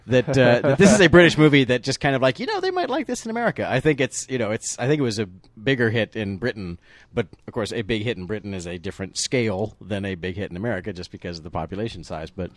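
A man's voice: lowish voice, fast, dry recording. A man hosting a casual movie chat, rambling with many restarts and fillers.

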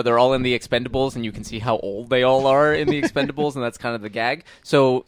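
A man's voice: medium pitch, dry recording. A man co-hosting a podcast, chatting casually about movies and often restarting his sentences. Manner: halting, many restarts. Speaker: podcast co-host. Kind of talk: casual movie commentary chat.

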